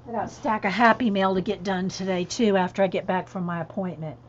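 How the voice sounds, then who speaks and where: On a coloring livestream, a female host chats casually, laughs a lot, and reads viewers' messages aloud as she answers them. Her mid-range voice is steady and quick. The stream audio is dull and lo-fi, with slight background noise.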